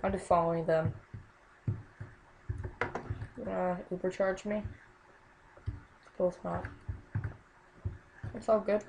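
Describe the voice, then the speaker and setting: A woman's voice: on the low side, fairly even intonation, slow pace, vocal fry, long pauses, background noise. A young woman casually commenting on her own gameplay, exclaiming often and muttering under her breath.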